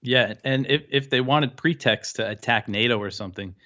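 A man's voice: mid-range voice, normal speed, pushed and bright, highs cut off. A man speaking as a guest in a casual political chat, agreeing with the host.

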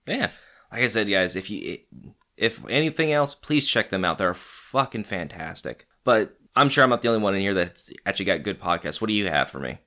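Animated, swearing man in casual chat. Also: lowish voice, fairly quick. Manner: animated, swears freely, laughs often. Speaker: podcast co-host.

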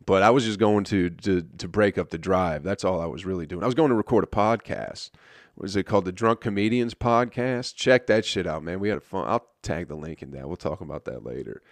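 A man's voice: low voice, fairly quick, no room sound. A man, a stand-up comedian, telling a story in a laid-back, rambling way full of swearing. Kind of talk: casual storytelling.

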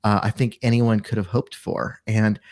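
A man's voice: fairly low pitch, level tone, moderate pace, a little mellow. A man co-hosting a sports podcast, talking football in a loose, rambling way. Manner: rambling, many fillers and restarts. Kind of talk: casual sports chat.

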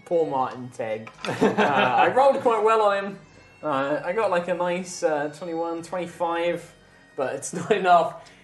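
A woman's voice: on the low side, measured pace, soft background music. A woman narrating as game master of a tabletop game, playful and joking, with fillers. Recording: echoey room.

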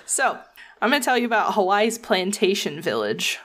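A Southern American woman with a mid-range voice and big pitch swings talks at a moderate pace. Co-hosting a casual podcast, she jokes in a wry, playful way while reading through her researched notes.

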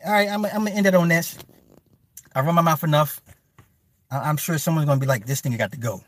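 A man's voice: on the high side, quick pace, a bit bright, no room sound. A man delivering a heated, profane, rambling rant as a live streamer talking to his chat. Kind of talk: ranting commentary to a live chat.

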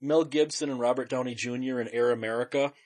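A man co-hosting a casual movie podcast, opinionated and measured. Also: medium pitch, fairly even intonation, a little mellow. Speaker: podcast co-host. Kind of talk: casual chat about movies.

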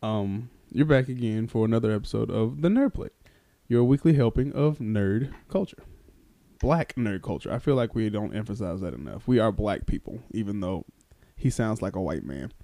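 A podcast host with a mellow, warm voice who swings his pitch around a lot as he talks. He jokes and ribs his co-host in loose, rambling banter. The sound is dry and close. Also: normal speed, gravelly, no echo. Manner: teasing, animated, laughs often.

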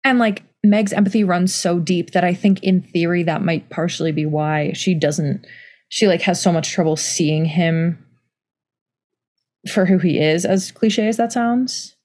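A woman's voice: on the low side, measured pace, darkish tone. A young woman co-hosting a casual book chat, rambling with many "like" fillers and restarts. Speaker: podcast co-host.

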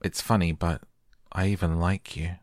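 A man voicing a frail, sickly young boy in a storybook reading, soft-spoken and eager. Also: deep voice, fairly even intonation, moderate pace, no room sound, studio quality, lightly acted. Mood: wistful.

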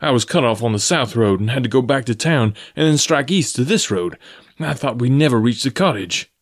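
A man's voice: medium pitch, lively intonation, fairly quick, pitched above the performer's own voice. A man voicing a brusque, domineering young male suitor in an audiobook. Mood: insistent. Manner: brusque, demanding.

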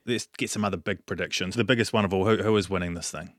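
Male podcast host, quick talker, low voice, moves the chat along. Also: fairly bright tone, no echo, clean studio sound. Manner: brisk, steering the talk with questions. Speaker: podcast host asking questions. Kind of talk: casual sports chat.

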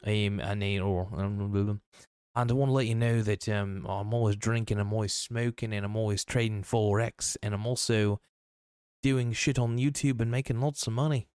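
A man's voice: lowish voice, steady tone, a little mellow, smooth, no echo, studio quality, close to an everyday voice. A man putting on a bragging forex guru in a bad fake British accent. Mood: smug. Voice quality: deliberately poor put-on British accent. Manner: bragging, halting with fillers. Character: boastful male forex guru, smug and showy.

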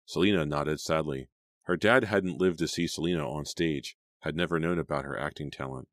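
Very deep-voiced male audiobook narrator. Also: no echo, clean studio sound. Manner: steady, measured reading.

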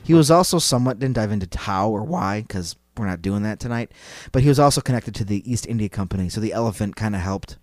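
A man's voice: fairly low pitch, lively intonation, fast, few pauses, a little mellow, dry recording, clean studio sound. A man hosting a podcast, telling a story in a casual, rambling, playful way full of "like" fillers. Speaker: podcast host. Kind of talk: casual chat.

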